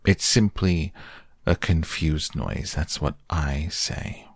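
A man voicing a gloomy, resigned old male donkey who drones his complaints slowly, in a very deep, gravelly voice. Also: no room sound, clean studio sound, full character voice. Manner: slow, droning complaints.

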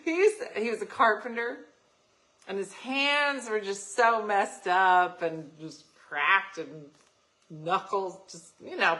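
A woman hosting a morning show, telling lively family stories with frequent laughter. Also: medium pitch, takes it slowly, poor audio. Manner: animated and laughing, acts out voices in anecdotes. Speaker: radio show host. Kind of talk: casual chat, storytelling.

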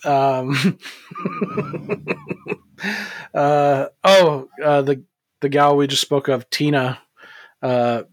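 A man's voice: on the high side, wildly swooping pitch, extremely slow, pauses often, no echo, clean studio sound. A man co-hosting a podcast in casual chat, cursing freely and laughing easily. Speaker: podcast co-host.

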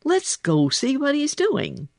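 A man voicing a curious, mischievous little male mink in a storybook reading, eager and excitable. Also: extremely high pitch, takes it slowly, gravelly, no room sound, studio quality, pitched above the performer's own voice, heavily acted.

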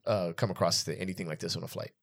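Gravelly, low, and rapid-fire, the voice belongs to a man of about thirty co-hosting a laid-back podcast. Frequently laughing, he animatedly relates amusing stories from his travels.

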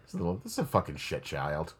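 A man's voice: a bass voice, wildly swooping pitch, fast talker, a little hiss or hum. A young man in casual chat, watching a movie with a friend, joking, swearing and laughing often.

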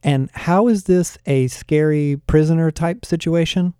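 A man's voice: fairly high pitch, unhurried, warm tone, clean tone, dry recording, studio quality, pitched above the performer's own voice, close to an everyday voice. A man voicing a sarcastic teenage girl with a snarky, scoffing manner.

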